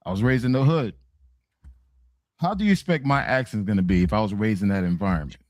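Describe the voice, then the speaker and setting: A man's voice: fairly low pitch, quick pace, a little mellow, dry recording. A man in his forties with a South Florida accent, arguing in a laid-back way and often saying "man". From Miami. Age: 40s. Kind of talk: casual debate.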